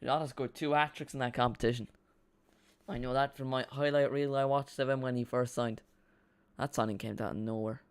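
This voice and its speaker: A man's voice: mid-range voice, fairly even intonation, fairly quick, smooth. Rambling man chatting over a live match. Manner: rambling, chatty, repeats himself, reacts to play. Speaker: watch-along streamer. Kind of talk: casual live watch-along commentary.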